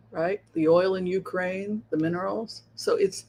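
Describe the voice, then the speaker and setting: A man's voice: sits high, fairly even intonation, unhurried, darkish tone. A man hosting a livestream of political commentary, talking rhetorically and often tagging his points with a questioning "right?". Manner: rhetorical, keeps asking "right?". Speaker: psychic show host.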